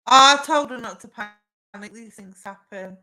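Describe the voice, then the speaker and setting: A woman's voice: a little high, normal speed, rough recording. A young woman hosting a casual live stream, chatting to viewers and giving psychic readings with plenty of fillers. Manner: chatty, warm replies to viewer comments with frequent fillers.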